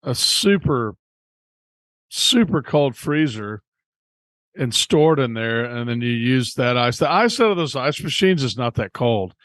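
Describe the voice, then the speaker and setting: Easygoing male podcast co-host, mid-pitched, explaining and telling stories; dry close sound. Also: expressive, measured pace, fairly bright tone, no echo. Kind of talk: casual chat.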